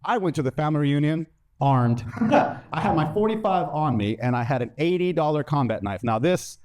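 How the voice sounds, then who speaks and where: A male stand-up comedian tells a long story with brash energy, jumping into other people's voices as he quotes them. His voice sits a little high for a man. The sound is dry and close, from a stage mic. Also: animated, normal speed, a little mellow, dry recording.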